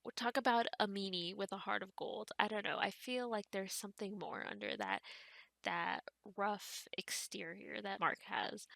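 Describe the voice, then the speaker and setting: A woman narrates her game casually, rambling and thinking aloud as she plays. Her voice is bright and forward, with a strong gravelly fry. The recording is close and dry, with no room sound. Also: mid-range voice, expressive, moderate pace, no room sound. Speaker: gaming channel host. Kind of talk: casual let's-play commentary.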